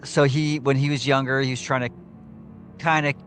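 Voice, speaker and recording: A man's voice: mid-range voice, little pitch movement, moderate pace, fairly bright tone, soft background music. A man playing a tabletop game, talking in an easygoing, hesitant way. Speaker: player. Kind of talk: casual tabletop play.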